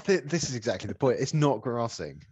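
A man's voice: mid-range voice, expressive, a little fast, a little mellow, slightly rough, dry recording, muffled recording. A man, chatting in an easygoing, blunt way as a podcast co-host. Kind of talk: casual chat.

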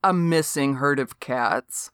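A woman's voice: very deep voice, slow, fairly bright tone, clear, resonant tone, no room sound, clean studio sound, pitched below the performer's own voice, heavily acted. A woman voicing a glum, sulking man who moans his lines in a mopey way. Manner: moaning, mopey.

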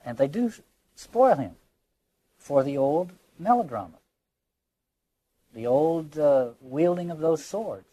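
A man's voice: a little high, lively intonation, slow pace, pauses often, dark tone, no room sound, dull audio. A man lecturing on literature, reflective, often restarting words as he searches for phrasing and reading quoted lines aloud with emphasis.

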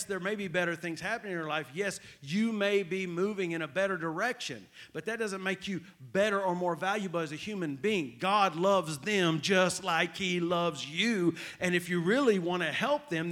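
A man preaching a sermon, often calling out to the congregation and repeating key phrases. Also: high voice. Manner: animated, repetitive preaching with call-outs to the crowd. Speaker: pastor.

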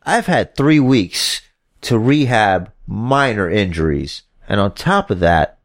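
A cocky male wrestler, as a man voices him, pitched low and heavy. He talks slowly and leans on every word, brushing off his doubters. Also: big pitch swings, dry recording, clean studio sound, full character voice. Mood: defiant.

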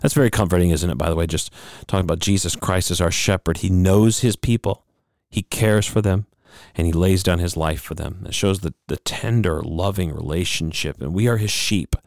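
A man preaching a sermon in an unhurried teaching manner, pausing with fillers and asking rhetorical questions. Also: low voice, vocal fry, a little mellow, dry recording, studio quality. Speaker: pastor. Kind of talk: sermon with quoted reading.

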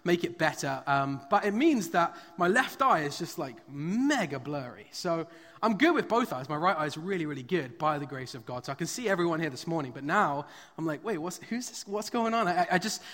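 Bright-voiced man preaching in a hall. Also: a little high, lively intonation, fairly quick. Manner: conversational storytelling with frequent fillers. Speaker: pastor. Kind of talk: sermon. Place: church hall, live service. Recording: long reverb of a large hall.

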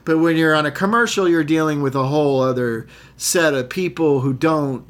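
A man's voice: fairly high pitch, moderate pace. A man who works as an actor, chatting casually and telling stories with lots of restarts. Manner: rambling, restarts, animated storytelling. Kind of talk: casual podcast chat.

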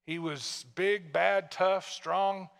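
A pastor from Tennessee preaching a sermon in a conversational way, full of rhetorical questions to the congregation. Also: male voice, high-pitched, steady tone, extremely slow, gravelly, fairly bright tone, long reverb tail.

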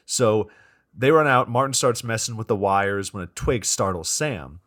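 Here a man co-hosting a podcast runs through a lousy movie in a relaxed, foul-mouthed way, voicing the characters as he goes. The voice is on the low side and a bit bright, with lively intonation and a moderate pace.

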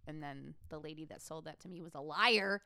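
A woman co-hosts a podcast in loose, casual chat, swearing freely and laughing often. Her voice is bright and forward, recorded close on a dry mic with no room sound. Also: low-pitched, brisk, creaky, no room sound. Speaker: podcast co-host.

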